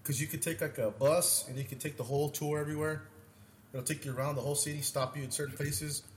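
A man's voice: a little high, fast. Rambling, profane man in an echoey room. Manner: rambling, profane, animated storyteller. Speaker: podcast co-host. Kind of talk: casual storytelling chat. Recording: echoey room with faint noise.

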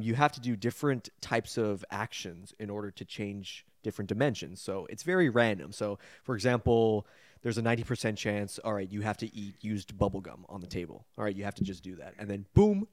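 A man's voice: lowish voice, brisk, no echo. A young man hosting a podcast, retelling and praising eagerly in casual chat. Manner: enthusiastic, animated retelling. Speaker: podcast host.

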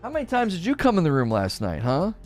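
A man in his thirties hosting a podcast in casual chat, animated and excitable, acting out quotes in his own voice. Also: fairly high pitch, quick pace, faint music behind. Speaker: podcast host.

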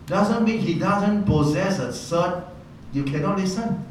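Monk in a very echoey hall. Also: male voice, high-pitched, a little slow. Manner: animated storyteller, laughs often, colloquial. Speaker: Buddhist monk teaching meditation. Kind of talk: dharma talk with anecdotes. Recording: very echoey hall, distant mic, background noise.

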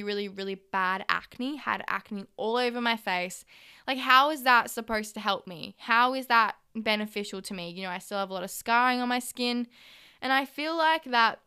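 A young Australian woman hosts a podcast on her own, chatty and candid, with swearing and acted-out reactions. Her voice is bright and a little high, and it sounds crisp and clear throughout. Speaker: podcast host. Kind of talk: casual solo podcast monologue.

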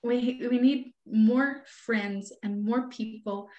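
A woman's voice: fairly high pitch, slow pace, dark tone, muffled recording. A woman in her forties, a guest, telling a personal story earnestly and animatedly. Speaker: guest, author and mother. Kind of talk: conversational storytelling. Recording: roomy echo.

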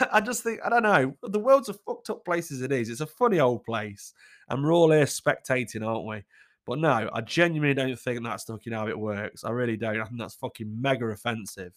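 A man's voice: on the high side, fairly bright tone. A man, reading advice letters aloud and reacting in blunt, casual commentary, swearing freely as he talks.

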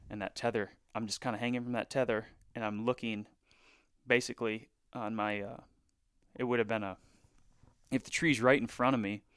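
A man recounting a bowhunt in a casual podcast chat, animated and full of fillers, sometimes dropping into hushed asides. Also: fairly low pitch, clear, resonant tone, dry recording, clean studio sound. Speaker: bowhunter guest.

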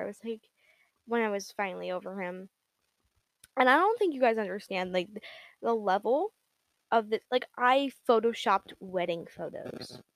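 A woman's voice: mid-range voice, no echo. A young woman hosting her own podcast, talking casually in a rambling, giggly way full of "like" and "um.". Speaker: podcast host. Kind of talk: casual solo podcast monologue.

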